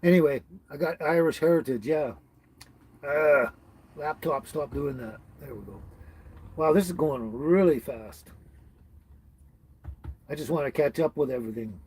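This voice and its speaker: A man's voice: on the high side, unhurried, pauses often, darkish tone, slight background noise. A man from British Columbia hosting a casual livestream at home, greeting viewers by name, chuckling often and stumbling over names. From British Columbia, Canada. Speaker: livestream host. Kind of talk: casual livestream chat reading comments.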